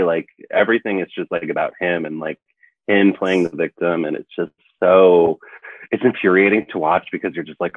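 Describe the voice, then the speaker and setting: Low-voiced man on a tinny line. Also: moderate pace, dry recording. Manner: rambling, many filler "like"s, recaps scenes in animated retellings. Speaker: film podcast co-host. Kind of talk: casual film discussion. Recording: tinny phone-like line, dry.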